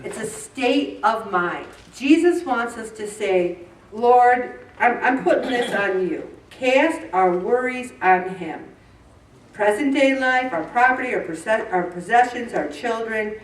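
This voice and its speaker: A woman's voice: high voice, a little hiss or hum. Lady in her 60s, chatty faith talk to a group, pokes fun at herself, echoey room. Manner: chatty, self-mocking, asks the audience questions. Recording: roomy, distant mic.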